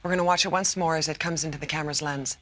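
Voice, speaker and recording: A low-voiced TV news anchor. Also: female voice, steady tone, fairly bright tone, slight background noise. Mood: measured. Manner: crisp, measured newsreading. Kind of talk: scripted TV news reading.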